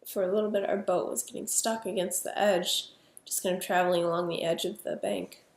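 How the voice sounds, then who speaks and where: A middle-aged woman telling a personal story in a halting, reflective way. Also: fairly low pitch, steady tone, creaky. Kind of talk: personal narrative. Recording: echoey room with faint ambient noise.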